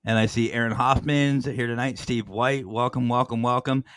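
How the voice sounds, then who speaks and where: A man hosting a podcast in casual chat, joking and swearing freely as he tells animated stories. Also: mid-range voice, normal speed, no echo. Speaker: podcast host.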